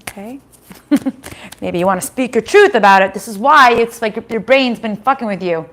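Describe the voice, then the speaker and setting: A woman's voice: fairly high pitch, animated, normal speed, fairly bright tone, a little hiss or hum. A middle-aged woman giving a casual live-stream tarot reading from home, chatty, swearing now and then and laughing often.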